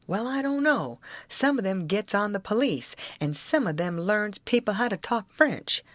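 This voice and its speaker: A woman's voice: mid-range voice, animated, moderate pace, fairly bright tone, dry recording, close to an everyday voice. A woman reading an audiobook, voicing a clever young boy who explains things plainly and patiently. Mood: explaining.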